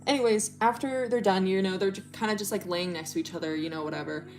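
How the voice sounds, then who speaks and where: A woman's voice: medium pitch, fast talker, a little mellow, faint music behind. A woman livestreaming as she draws, telling a story in a rambling, profane way full of fillers. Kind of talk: casual storytelling while drawing.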